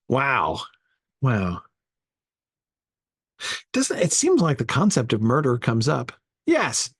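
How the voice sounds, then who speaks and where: A man's voice: fairly high pitch, dry recording, clean studio sound. A man leading an informal Bible study, thinking aloud and sounding out Greek words as he goes.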